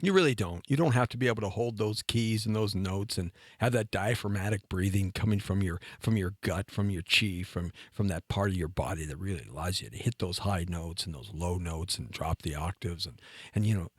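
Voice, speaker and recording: A man's voice: low-pitched, fairly quick, slightly rough, dry recording, clean studio sound. A middle-aged man hosting a live talk show, joking and teasing himself and his cohost in a playful way. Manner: playful, self-mocking, banters with cohost. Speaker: radio show host.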